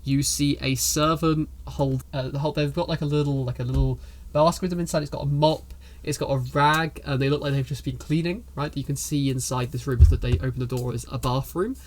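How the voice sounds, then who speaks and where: A man's voice: mid-range voice, fairly even intonation, a little fast. A man narrating a tabletop game as game master, chatty with frequent restarts. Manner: chatty, many fillers and restarts.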